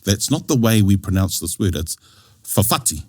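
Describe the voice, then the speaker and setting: A man with a New Zealand accent teaching Māori pronunciation in a lively, coaxing way, often checking in with his students. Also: low-pitched, brisk, no echo, studio quality. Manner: animated, laughing, coaxing, with frequent checks like "yeah?". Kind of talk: lively classroom explanation.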